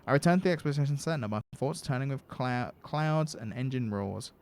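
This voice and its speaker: A man's voice: medium pitch, lively intonation, a little fast, darkish tone, a little hiss or hum. Man hosting a stream, reads game text aloud with casual asides. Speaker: streamer host.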